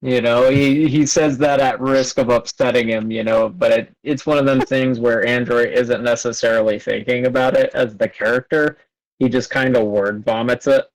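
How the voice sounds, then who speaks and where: A man's voice: mid-range voice, steady tone, moderate pace, no room sound, rough recording. A man taking part as a player in a tabletop game, chatting casually. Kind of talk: casual chat.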